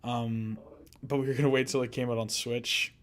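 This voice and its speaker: A man's voice: mid-range voice, level tone, normal speed, over a noisy crowd. Give me a young man chatting easily on a podcast, trailing off into fillers. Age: young adult. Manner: laid-back, laughs often, trails off with fillers. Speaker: podcast co-host. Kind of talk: casual chat.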